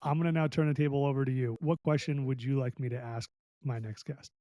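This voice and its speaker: A man's voice: mid-range voice, steady tone, fast, mellow, dry recording. A man hosting a podcast interview, chatting enthusiastically and casually with fillers. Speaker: podcast host.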